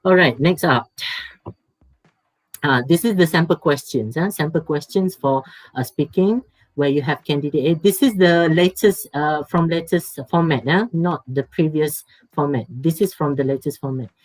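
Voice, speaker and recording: A man with a Malaysian English accent, teaching an exam preparation lecture, emphatic and repetitive, trailing off into soft asides. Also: a little high, moderate pace, no room sound, low-quality recording. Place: online workshop.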